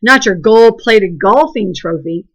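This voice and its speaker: A woman's voice: medium pitch, animated, measured pace, fairly bright tone. A woman voicing a worried mother in a storybook read-aloud, asking anxious questions.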